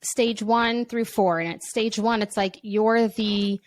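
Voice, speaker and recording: Energetic woman guest, dry close sound. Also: medium pitch, takes it slowly, dry recording. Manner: energetic, fidgety, slips into acted voices. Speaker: podcast guest, burnout course teacher. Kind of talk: casual interview talk. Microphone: home setup, standing on a balance board.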